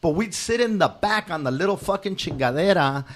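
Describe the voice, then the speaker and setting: A slightly high-pitched man talking as a podcast guest. He rambles through his stories with lots of "uh" and "like" and curses freely. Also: animated, brisk, a crowd in the background. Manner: rambling, heavy fillers, profane. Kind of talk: casual storytelling chat.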